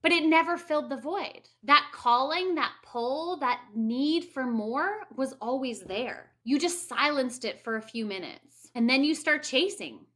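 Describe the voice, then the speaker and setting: A woman in her thirties tells her own story in a candid, blunt way and swears freely. Her voice sits high and sounds bright and a little sharp. She slips into lively quoted asides as she talks. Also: measured pace, hardly any pauses. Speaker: coach for women. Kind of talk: personal story monologue.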